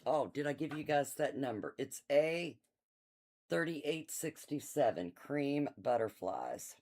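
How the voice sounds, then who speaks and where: A middle-aged woman hosts a live sale from her quilt shop in a relaxed, unhurried way. She chats warmly to viewers, laughs easily and reads out item numbers as she shows off the fabric. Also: extremely low pitch. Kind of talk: casual live-stream sales chat.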